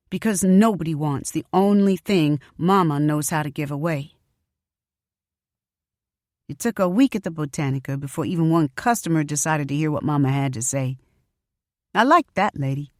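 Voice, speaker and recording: A woman narrating a story audiobook in an expressive first-person telling. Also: lowish voice, no echo, studio quality.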